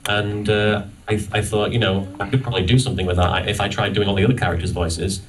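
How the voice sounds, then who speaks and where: Low-voiced man, halting panel talk. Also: steady tone. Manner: halting, many restarts. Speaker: convention panel guest. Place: convention panel room. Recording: distant audience-camera recording.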